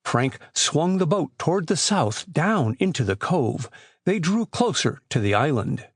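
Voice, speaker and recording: A man narrating a classic boys' adventure audiobook in a measured, expressive storytelling voice. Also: a little high, slightly rough, no room sound. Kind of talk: scripted narration.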